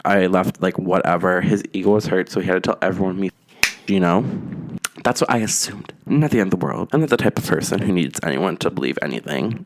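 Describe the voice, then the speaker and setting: A man in whispered role-play, softly retelling a storytime in the first person. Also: fairly low pitch, slight background noise. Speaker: YouTuber.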